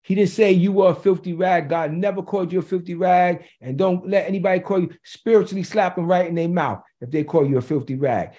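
A man's voice: high voice, fairly even intonation, brisk, hardly any pauses, warm tone. A man preaching a sermon in a conversational way, repeating key phrases for emphasis and slipping in joking asides.

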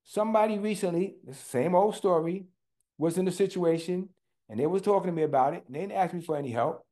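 High-voiced man preaching emphatically. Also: dark tone. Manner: emphatic, slows for stress, talks to listeners directly. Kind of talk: sermon.

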